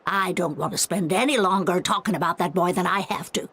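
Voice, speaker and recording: A woman's voice: on the low side, a little fast, background noise, close to an everyday voice. An actress voicing a bitter older woman in a game, speaking coldly and resentfully about a son she has disowned. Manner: cold, clipped and resentful.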